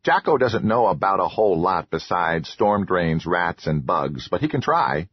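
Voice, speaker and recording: A man voicing a small, excitable, childlike male troll who talks about himself in the third person in a high, eager voice. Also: normal speed, breathy edge, lo-fi sound, heavily acted.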